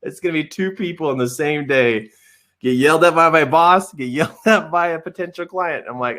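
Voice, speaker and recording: A middle-aged man telling a story in a coaching webinar, animated and often laughing. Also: on the high side, brisk.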